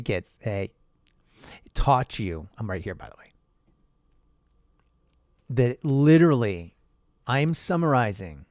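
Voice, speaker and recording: Guy riffing to his viewers, super lively up and down voice, dry close sound, swears some. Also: mid-range voice, no echo. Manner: animated, rhetorical, talks straight to viewers, swears. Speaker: host. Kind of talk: casual monologue.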